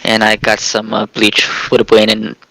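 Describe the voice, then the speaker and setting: A man's voice: lowish voice, monotone, vocal fry, sharp tone, no echo, poor audio. Man reading aloud in a dry room. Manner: stumbling, many filler pauses while reading. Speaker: co-host reading a book aloud. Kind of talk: halting casual book reading.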